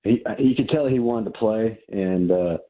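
Man, radio caller, deep voice, laid-back, tinny phone line. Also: moderate pace.

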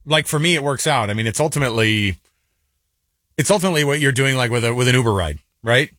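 A married man co-hosting a casual chat show, talking quickly in a joking way with lots of fillers. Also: medium pitch, fairly bright tone, no room sound, studio quality. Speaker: co-host.

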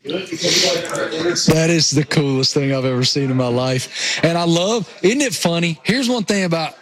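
A man with a thick rural Appalachian accent co-hosts a sports talk show over a remote link, joking at his own expense. His voice runs slightly high. A crowd murmurs behind him. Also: lively intonation, unhurried. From Tennessee. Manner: jokey, self-mocking. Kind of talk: casual radio show banter.

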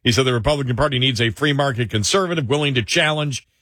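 A man's voice: mid-range voice, fast talker, pushed and bright, no room sound, studio quality. A man hosting a casual political talk show, conversational and sometimes sarcastic, often correcting himself mid-sentence.

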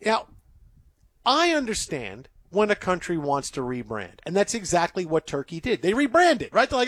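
A man's voice: high voice, huge pitch swings, moderate pace, a bit bright, dry recording. A man hosting a sports radio show from a studio, bantering and laughing, acting out quoted voices. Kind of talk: late-night radio banter.

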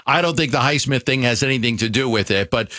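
Emphatic sports radio co-host, dry bright tone. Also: male voice, medium pitch, fast, no room sound. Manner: emphatic, repeats himself, trails into restarts. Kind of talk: casual sports talk.

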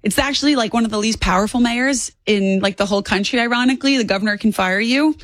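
A young woman in her twenties rattles off her views at a quick clip, emphatic and opinionated. Her voice sits a touch high, and the sound is close and dry with no room around it. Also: no room sound. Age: 20s. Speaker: guest. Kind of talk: political talk interview.

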